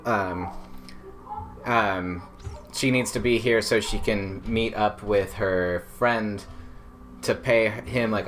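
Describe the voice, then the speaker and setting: His voice sits on the low side and sounds a bit bright as this young man tells a personal story. It's a casual, rambling account stuffed with fillers, punctuated by his own laughter.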